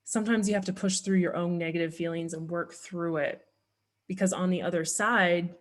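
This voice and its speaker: A woman's voice: lowish voice, fairly even intonation, normal speed. A woman guest who teaches online business, talking in an earnest, encouraging way. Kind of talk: conversational coaching talk.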